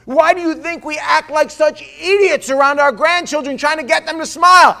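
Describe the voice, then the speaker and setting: High-voiced older man preaching animatedly. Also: moderate pace. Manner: animated storytelling, swings from loud to hushed, rhetorical questions. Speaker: pastor. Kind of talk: sermon.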